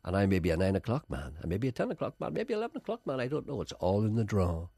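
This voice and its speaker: Teasing radio host. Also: male voice, lowish voice, wildly swooping pitch, very fast, vocal fry, warm tone, no room sound. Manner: teasing, playful, laughs often. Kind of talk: comic radio banter.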